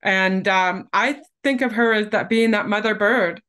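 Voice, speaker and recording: A woman in her forties speaks as a guest in an interview. She tells her own story candidly and with animation, and she is quick to laugh. Her voice sits at an ordinary pitch for a woman. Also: a bit bright. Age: 40s.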